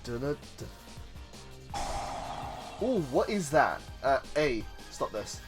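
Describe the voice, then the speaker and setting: An excitable man doing casual live-stream commentary over a card game, his voice sitting in an ordinary middle pitch. He chats loosely and reads card text out loud, breaking in with eager reactions. Soft music plays faintly in the background. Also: measured pace.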